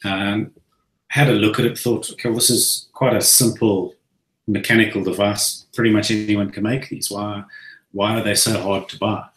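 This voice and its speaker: A man with a South African accent, telling a relaxed story as a guest on a chat show. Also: fairly low pitch, moderate pace, echoey room, low-quality recording. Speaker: guest modder. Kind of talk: casual chat.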